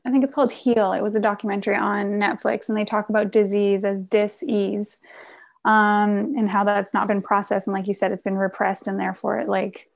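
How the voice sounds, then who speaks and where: A woman's voice: medium pitch, flat delivery, brisk, gravelly. A woman hosting a podcast, talking in a reflective, thinking-aloud way with lots of fillers. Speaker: podcast host. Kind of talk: casual conversation.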